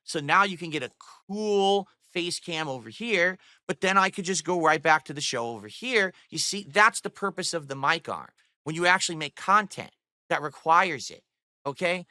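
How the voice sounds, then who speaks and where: A man's slightly high, bright voice comes across forceful and lively at a normal speed in this dry recording. He's livestreaming a rant from his home studio on a boom-arm mic, scornfully mocking and swearing at a rival while addressing his chat directly.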